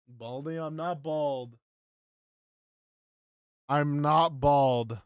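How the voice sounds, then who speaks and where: A man's voice: medium pitch, expressive, slow, pauses often, smooth, dry recording, studio quality. A young man streaming live, chatting casually with his chat, frustrated, swearing and repeating himself.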